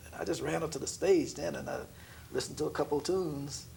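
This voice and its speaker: Male interviewee, gravelly, slightly high voice, chatty storyteller who acts out the people in his stories, quiet room hum. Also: a little fast. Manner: animated storyteller, laughs often, acts out quoted voices. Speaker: jazz pianist interviewee. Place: room in an apartment.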